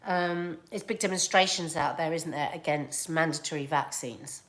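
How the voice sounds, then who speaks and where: A woman's voice: low voice, normal speed. Chatty woman vlogging. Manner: chatty and rambling, with frequent fillers and laughs. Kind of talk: casual chat to camera.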